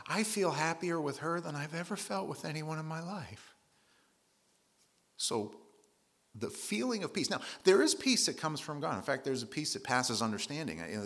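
A man's voice: medium pitch, a bit bright. A man preaching a conversational sermon, retelling scripture in everyday words with casual asides.

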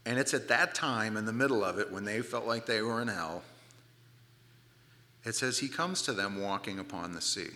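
A man preaching a sermon, retelling a scripture story with lively asides and acted-out moments. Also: lowish voice, normal speed, big-room sound. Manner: animated storytelling, acts out the scene, casual asides. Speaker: pastor.

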